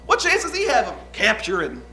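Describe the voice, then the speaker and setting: A man's voice: sits high, huge pitch swings, fairly quick, pushed and bright, heavily acted. A man playing a young, uneducated outlaw on the witness stand, talking in a folksy, rambling, hesitant way. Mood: heated. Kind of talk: improvised courtroom drama.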